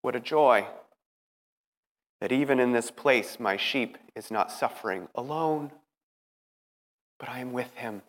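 A man voicing a gentle, tender dying man on a cross, speaking softly. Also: medium pitch, measured pace, pauses often, natural voice. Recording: long reverb hall.

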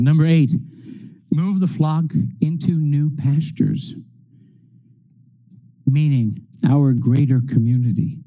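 A man delivering a sermon at an unhurried, deliberate pace. His voice is deeply dark and mellow. He works steadily through a list of numbered points. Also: low-quality recording. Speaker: preacher.

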